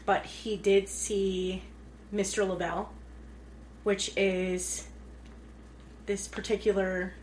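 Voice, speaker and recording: A woman co-hosting a podcast, chatting casually as she retells a movie's plot. She talks loosely, with plenty of "like"s and quick asides. Her voice sits at an ordinary pitch, with a faint noise underneath. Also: little pitch movement, darkish tone. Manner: chatty, retells scenes with many "like"s. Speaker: podcast co-host. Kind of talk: casual chat.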